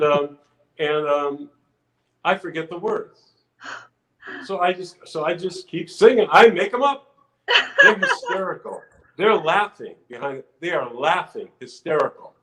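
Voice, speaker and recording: An older man spins a long anecdote as a podcast guest, restarting his sentences and acting out the people in it. His voice sits a little high for a man. The room around him rings with a noticeable echo. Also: unhurried. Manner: animated anecdote telling with restarts and acted-out quotes. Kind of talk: casual storytelling.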